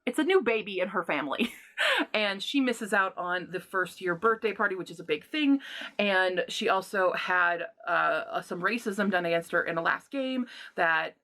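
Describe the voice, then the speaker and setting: A woman giving a casual book review, retelling plots in an animated, indignant rant with sighs and exasperated asides. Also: lowish voice, moderate pace.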